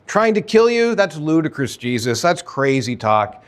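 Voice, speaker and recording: A preacher mimicking a scoffing, dismissive crowd. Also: male voice, a little high, very animated, moderate pace. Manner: mocking, dismissive. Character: scoffing hostile crowd denying a plot.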